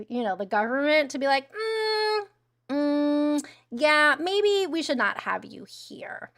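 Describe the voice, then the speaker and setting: A woman's voice: mid-range voice, fairly bright tone, no echo, clean studio sound. A young adult woman hosting a casual news commentary livestream, blunt and sarcastic, swearing freely. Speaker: livestream host.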